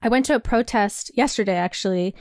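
A young woman co-hosting a casual chat, rambling and animated, laughing often and filling her talk with "like". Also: medium pitch, fairly quick, no room sound, clean studio sound. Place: New York.

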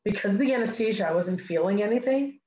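A middle-aged woman telling a personal story as an interview guest, animated and acting out what people said. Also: mid-range voice, fast, lo-fi sound. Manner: animated, acts out dialogue. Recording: echoey room.

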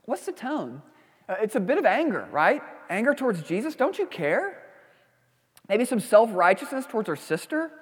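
A man's voice: high voice, very animated, a little fast, slightly rough, in a large hall. A man preaching a sermon as a pastor, reading scripture, praying and teaching in a conversational way with frequent asides.

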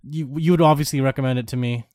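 A man's voice: mid-range voice, fairly even intonation, quick pace, darkish tone, no room sound, studio quality. A man co-hosting a casual video game chat, teasing and agreeable, laughing easily. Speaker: video game podcast co-host.

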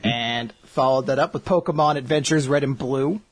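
Looking back on the series they covered, a man co-hosting a podcast jokes around in casual chat, animated and laughing often. His voice sits at a medium pitch and moves at normal speed.

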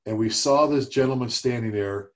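A middle-aged man co-hosting a casual talk show, telling stories and getting animated when he quotes others. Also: mid-range voice, normal speed. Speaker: podcast co-host. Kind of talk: casual conversation.

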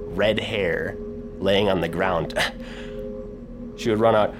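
A man running a tabletop game as game master, narrating casually with plenty of fillers. His voice sits fairly low. Music plays clearly behind him. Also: fairly even intonation, slow pace, pauses often.

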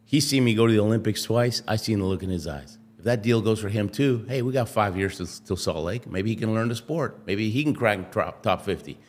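A man's voice: fairly low pitch, fairly quick, hardly any pauses. A man, a former athlete and interview guest, telling stories animatedly and acting out what others said. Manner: animated, acts out quotes, laughs often. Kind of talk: storytelling interview.

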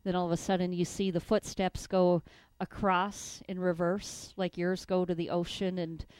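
A woman's voice: lowish voice, level tone, normal speed, a little mellow, clean tone, no echo, low-quality recording. A woman co-hosting a radio morning show in casual on-air chat, giggly and easygoing.

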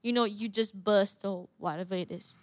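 A young woman from Malaysia, a fighter telling stories as a guest in a casual interview, animated and quick with asides. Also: medium pitch, no echo, clean studio sound. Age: young adult. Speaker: guest, mixed martial artist.

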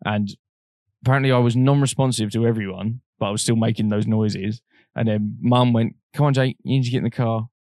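A man's voice: medium pitch, steady tone, brisk, dark tone, dry recording, studio quality. A young man telling a frank personal story on a podcast, swearing freely and acting out the voices of people he quotes. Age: young adult. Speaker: podcast co-host. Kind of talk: casual storytelling chat.

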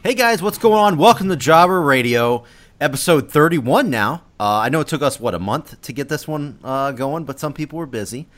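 A man's voice: a little high, expressive, normal speed, fairly bright tone. A young man hosting a casual podcast, laid-back, with lots of fillers and laughs. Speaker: podcast host.

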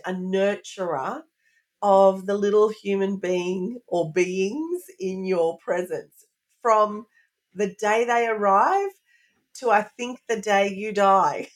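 Middle-aged woman, earnest parenting expert on a podcast, talks in repeated lists at a medium pitch. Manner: earnest, speaks in lists and repetitions. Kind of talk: podcast interview.

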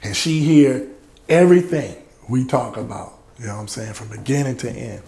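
A middle-aged man, a music producer telling lively anecdotes in an interview and acting out the people he quotes. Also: medium pitch, normal speed, creaky, roomy sound. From Louisiana. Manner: lively anecdotes, acts out quoted voices, laughs often. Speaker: music producer and label head, interview guest. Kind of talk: animated storytelling in a podcast interview.

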